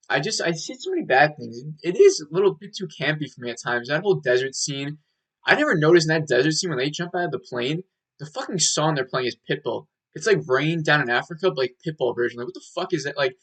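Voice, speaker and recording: Young guy reviewing movies, bright voice, rambly, lots of "like", swears a bunch. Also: a little high, lively intonation, brisk, poor audio. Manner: rambling, heavy "like" filler, swearing. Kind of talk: casual review monologue.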